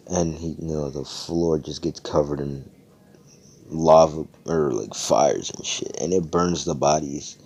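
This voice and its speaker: A young man talks through a fan-made story in a loose, rambling way, swearing freely and slipping into the characters' voices. His voice sits low and sounds mellow. It comes through a voice-chat mic. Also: a little slow, husky. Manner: rambling, profane, acts out characters' lines. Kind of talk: casual improvised fan-fiction storytelling. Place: Discord voice chat. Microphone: headset or desk mic on voice call.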